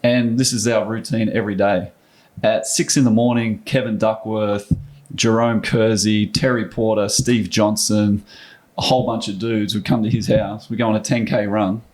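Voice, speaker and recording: A man in his fifties with an Australian accent, a former basketball player telling stories as a guest, animated and quick to restart. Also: lowish voice. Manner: animated anecdotes, frequent restarts and laughs. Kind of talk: casual storytelling.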